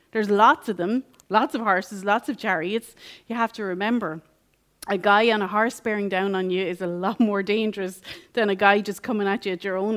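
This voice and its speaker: A woman teaching a Bible passage as a sermon, repeating key phrases and asking rhetorical questions. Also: mid-range voice.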